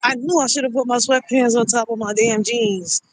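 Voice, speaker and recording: A woman's voice: a little high, steady tone, moderate pace, a little hiss or hum, poor audio. A single mother livestreaming on her phone as she walks a cold city street, chatting loosely and swearing freely at her viewers. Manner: loose, chatty and profane, addressing viewers directly. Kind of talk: casual livestream chat while walking.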